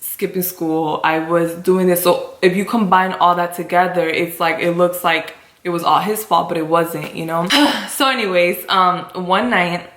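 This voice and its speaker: A young woman sits in a room and tells her viewers a personal story. She speaks in a fairly low voice, confiding and emotional. Her voice carries a roomy echo. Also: fairly even intonation, moderate pace, hardly any pauses, a bit bright. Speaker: vlogger. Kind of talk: storytime chat.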